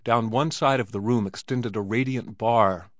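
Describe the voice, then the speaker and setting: A man reading a classic story as an audiobook narrator, measured and even. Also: mid-range voice, no room sound, clean studio sound. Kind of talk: scripted narration.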